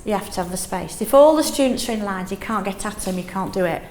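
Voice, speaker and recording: A middle-aged woman leading a teaching workshop in a classroom, lively, often checking in with "yes?". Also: mid-range voice, quick pace, roomy sound, a little hiss or hum. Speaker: teaching trainer.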